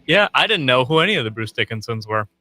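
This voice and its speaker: Playful male radio co-host, bright tone, lively pitch. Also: fast, no echo. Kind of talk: casual radio chat.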